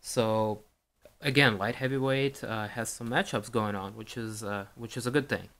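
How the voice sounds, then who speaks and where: A man's voice: fairly low pitch, moderate pace, a bit bright. Easygoing man, podcast co-host. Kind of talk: casual chat.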